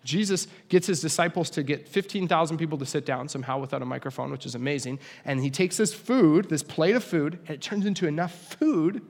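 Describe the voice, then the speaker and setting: A man's voice: fairly high pitch, brisk, creaky, hardly any pauses. A young man preaching a casual, conversational sermon with humorous asides. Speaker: pastor. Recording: long hall reverb.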